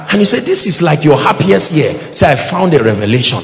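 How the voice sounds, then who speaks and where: A man's voice: a little high, big pitch swings, fairly quick, gravelly, hardly any pauses. A man with a Nigerian accent preaching a sermon in a large church hall, emphatic and rhythmic, asking the congregation to respond and sometimes breaking into song. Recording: echoey hall with music behind.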